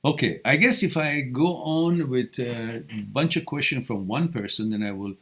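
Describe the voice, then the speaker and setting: A man hosting a live question-and-answer stream, reading viewer questions aloud and answering them with blunt, animated tough-love advice. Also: mid-range voice, normal speed. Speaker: live Q&A host giving relationship advice.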